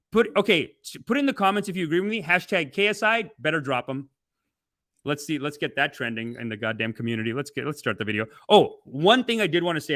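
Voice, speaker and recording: A man hosting a casual livestream, reading donations and ranting, swinging between loud outbursts and muttered asides. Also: on the high side, no echo, clean studio sound. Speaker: livestream host.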